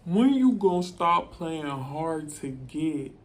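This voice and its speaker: A woman's voice: sits low, sing-song, slow pace, pitched below the performer's own voice, heavily acted. Woman mimicking a pushy drawling man neighbor. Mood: coaxing. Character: pushy persistent male neighbor, flirty, not listening.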